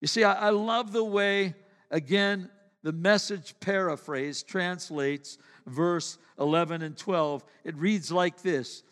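A man's voice: sits high, measured pace, in a large hall. A male pastor preaching a sermon earnestly, often repeating his words and acting out short exchanges.

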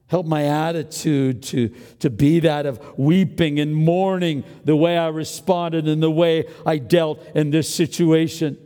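A man preaching a sermon as a pastor, swinging between loud exclamations and hushed, near-whispered lines as he acts out his own thoughts. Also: a little high, steady tone, measured pace, few pauses, long reverb tail. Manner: dramatic swings from loud to hushed, acting out inner voices.

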